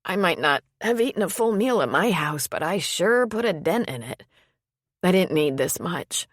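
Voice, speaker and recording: A woman narrator voicing an emotional, tearful pregnant young woman in an audiobook, speaking a little higher than her narration. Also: lively intonation, moderate pace, no echo, studio quality. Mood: chatty. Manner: tearful, sniffling.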